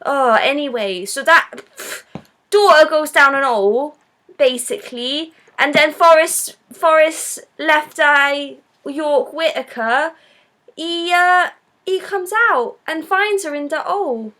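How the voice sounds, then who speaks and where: A woman's voice: high voice, slow, sharp tone. Blunt, sarcastic woman ranting. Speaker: live-stream host. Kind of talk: casual ranting film review.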